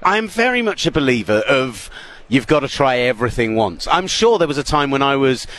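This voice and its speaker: A man's voice: medium pitch, a little fast. A man with a British accent, a sports radio presenter, chatting in an interview and telling stories with frequent laughter. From United Kingdom. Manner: chatty, laughs often, animated storytelling. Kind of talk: casual interview chat. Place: busy media hall.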